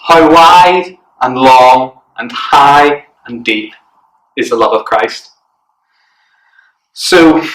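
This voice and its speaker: A man's voice: medium pitch, fairly bright tone. A man presenting a children's church program, cheerful and encouraging. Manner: cheerful, encouraging, talks straight to the kids. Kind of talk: upbeat kids' presenting. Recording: roomy, distant mic.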